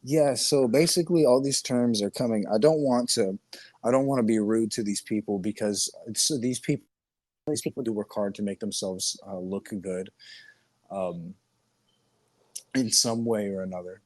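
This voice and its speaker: A man's voice: fairly low pitch, normal speed, darkish tone, dry recording, rough recording. A man co-hosting a podcast in casual chat, telling rambling, profane stories. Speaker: podcast co-host.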